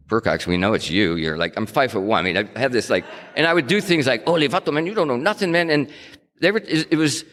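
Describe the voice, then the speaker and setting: A man with a low, smooth, fairly bright voice tells his own recovery story with candid, wry self-mockery, like a speaker at a meeting. It's casual storytelling, and the recording carries hall reverb.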